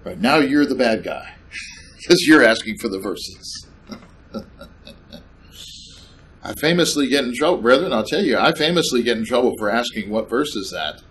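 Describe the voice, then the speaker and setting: A man's voice: mid-range voice, expressive, normal speed, long pauses, a bit bright, slight background noise. A man preaching a sermon, emphatic and sarcastic, repeating points with questions to the congregation. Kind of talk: sermon with slides.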